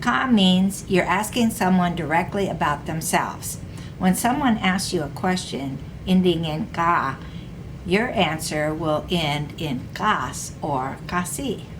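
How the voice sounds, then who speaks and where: A woman teaching a recorded language lesson, explaining slowly and repeating example phrases. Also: lowish voice, expressive, noisy background.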